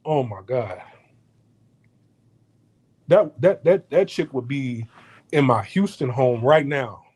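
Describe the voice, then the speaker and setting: This Houston podcast host, speaking from home, has a medium-pitched, darkish, slightly rough voice that is animated yet slow. He rants heatedly and casually, cursing a lot and stumbling on repeated words.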